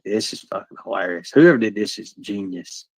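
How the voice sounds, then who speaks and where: A man's voice: lowish voice, expressive, normal speed, vocal fry, dry recording. A middle-aged man giving casual reaction commentary, rambling, laughing often and swearing. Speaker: streamer reacting to a video. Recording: dull, dry sound.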